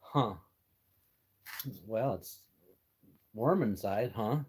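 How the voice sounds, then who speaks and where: A man's voice: lowish voice, extremely slow, breathy edge. Folksy older man chatting on a live stream. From United States. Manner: folksy, chatty, answers chat messages with chuckles. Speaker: livestream host. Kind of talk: casual live-stream chat with viewers. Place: workshop.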